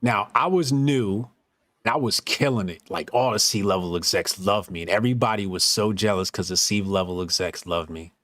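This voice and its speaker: Here a man with a lowish voice talks at normal speed, captured dry and at studio quality. As a podcast host he spins casual, curse-heavy stories and performs the quotes with animation.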